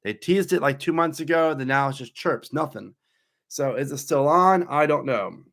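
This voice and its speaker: With vocal fry in a fairly high, fairly bright voice at a moderate pace, a coaster YouTuber in his thirties reads live stream questions from viewers. He answers casually, chatting and rambling as he goes.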